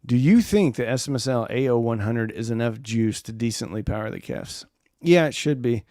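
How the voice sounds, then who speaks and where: A man's voice: mid-range voice, mellow, dry recording. Casual male live-stream host, forties, rambling chat, dry close sound. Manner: rambling, reads viewer comments aloud.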